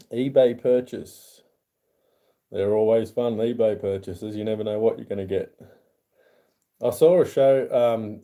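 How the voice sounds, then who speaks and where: Hosting a relaxed livestream, an Australian man chats with viewers and reads their messages out loud. He says hello in a lifted, higher voice, and his tone is warm.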